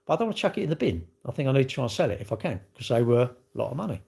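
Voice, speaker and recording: A man's voice: mid-range voice, very animated, rapid-fire, gravelly, mellow, husky. A middle-aged man with a British accent, rambling bluntly in slangy casual chat while answering a livestream chat.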